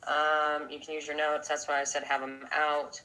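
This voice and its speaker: A teacher runs an online class in an informal, prodding way. The voice is bright and mid-pitched. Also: completely flat delivery, moderate pace, poor audio.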